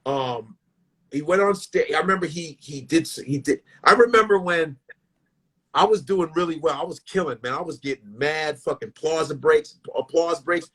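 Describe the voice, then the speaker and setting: A middle-aged man, a stand-up comedian, telling stories in a profane, animated way, often restarting his sentences. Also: a little high, normal speed, husky. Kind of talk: casual storytelling.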